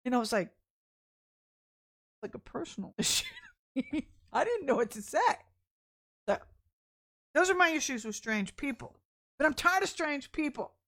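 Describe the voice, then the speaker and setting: A middle-aged woman minister telling personal stories in a sermon, chatty and animated, often laughing as she talks. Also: high voice, normal speed, pauses often. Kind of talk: candid storytelling sermon.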